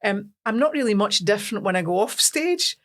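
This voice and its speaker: A woman's voice: mid-range voice, brisk. A Scottish woman, a singer, telling self-mocking stories in a casual interview. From Scotland. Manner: animated storyteller, self-mocking.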